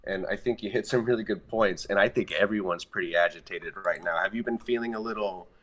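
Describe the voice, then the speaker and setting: Friendly low-voiced male guest. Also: quick pace, fairly bright tone. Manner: friendly, chatty, loose phrasing. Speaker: podcast guest. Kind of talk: casual astrology chat over a live stream.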